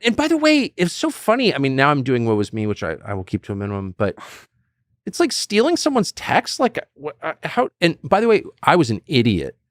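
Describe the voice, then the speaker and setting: A man's voice: on the high side, fairly quick, no echo, clean studio sound. A man in his fifties, a guest telling stories in a conversational interview and acting out quotes. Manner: animated storyteller who acts out quotes.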